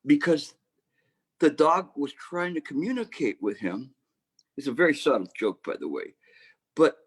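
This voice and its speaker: A man's voice: a little high, breathy edge. Reflective man giving a Dharma talk. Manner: reflective, halting, many restarts. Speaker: meditation teacher.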